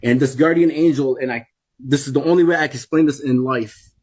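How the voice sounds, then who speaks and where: A man's voice: medium pitch, fairly quick, darkish tone. A man in his forties telling a personal testimony in an emphatic way that keeps repeating itself. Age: 40s. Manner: emphatic, repetitive storytelling. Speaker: guest giving a testimony.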